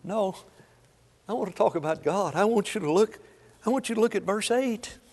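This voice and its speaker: A man preaching a sermon to a congregation, swinging between hushed lines and loud, drawn-out emphasis. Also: sits high, expressive. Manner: dramatic swings from soft to loud, slow emphatic phrasing. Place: church sanctuary. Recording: long hall reverb.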